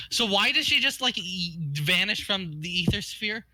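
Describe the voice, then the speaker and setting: A man's voice: high voice, sharp tone, slight background noise. A man reading a webcomic aloud with friends, giving the lines dramatic flair and breaking into laughter often. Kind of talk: casual chat while reading a webcomic aloud.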